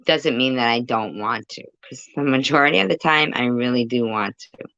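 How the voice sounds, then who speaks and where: Gravelly, forceful woman ranting on a livestream. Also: extremely low pitch, moderate pace, no room sound, dull audio. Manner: profane, confrontational, rambling. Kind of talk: livestream rant. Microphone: phone.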